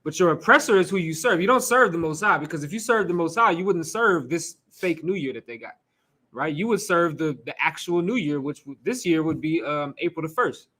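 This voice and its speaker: A man's voice: a little high, animated, brisk, bright, forceful tone. A man leading an informal sermon in a casual, conversational way, throwing out rhetorical questions, asides and the odd curse word. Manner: laughs and asides to the room. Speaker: teacher leading a scripture class.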